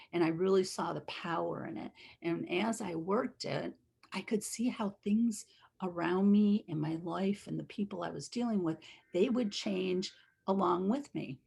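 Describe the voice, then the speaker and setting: A woman in her forties telling personal stories and teaching in a chatty, animated way, laughing often. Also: on the low side, creaky, breathy edge. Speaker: emotional wellness teacher. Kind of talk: casual personal storytelling and teaching.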